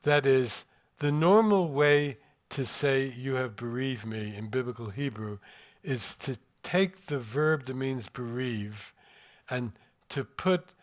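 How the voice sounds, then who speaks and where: An older man lectures to a room of listeners, with an unhurried, deliberate delivery. He pauses often to weigh his words and reads passages aloud with careful attention to their cadence. His voice sits at an ordinary middle pitch. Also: expressive. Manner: measured, reflective, pausing over word rhythm. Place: room with a live audience.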